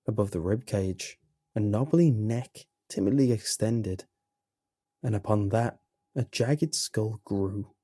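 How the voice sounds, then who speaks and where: Casting note: male horror narrator, unhurried and grim, mellow and dark tone. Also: lowish voice, husky, no room sound, clean studio sound. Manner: slow, grim, measured storytelling.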